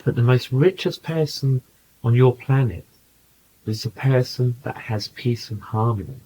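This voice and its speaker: A man in a channeling session, speaking in a calm, patient, coaching way and telling anecdotes to a small group. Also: mid-range voice, unhurried, a little hiss or hum, low-quality recording. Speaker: channeler giving spiritual counsel. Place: small room with a group present.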